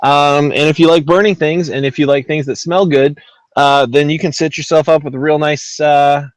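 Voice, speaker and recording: A man's voice: fairly high pitch, steady tone, normal speed, dry recording, low-quality recording. A man hosting a casual gaming podcast, rambling with lots of ums and uhs and poking fun at himself. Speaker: podcast host.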